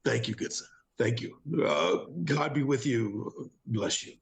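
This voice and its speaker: A man voicing a humble, lost male monk who speaks earnestly and haltingly. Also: mid-range voice, lively intonation, gravelly. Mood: grateful.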